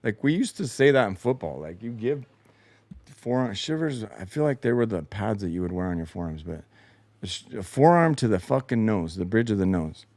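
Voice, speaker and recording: A lowish, sing-song male voice with a darkish tone and moderate pace, recorded without room sound. The host of a basement post-game show, he goes over replays in a frustrated, sarcastic way and swears a lot.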